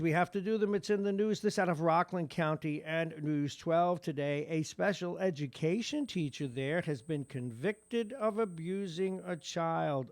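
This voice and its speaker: A man's voice: mid-range voice, darkish tone. A man with a New York accent hosting a morning radio show, reading local news with wry asides. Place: radio studio.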